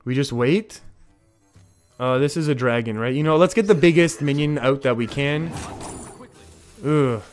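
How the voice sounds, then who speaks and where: Man streamer, fairly high voice, chatty and excitable, faint music behind. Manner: chatty, reads chat aloud, excitable. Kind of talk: casual game commentary.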